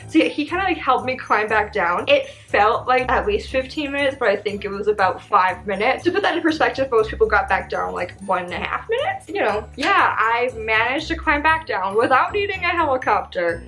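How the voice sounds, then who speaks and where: A woman's voice: fairly high pitch, big pitch swings, brisk, hardly any pauses, a bit bright, faint music behind, low-quality recording. A young woman telling a travel story in a casual vlog, chatty and swearing freely, acting out her own quotes.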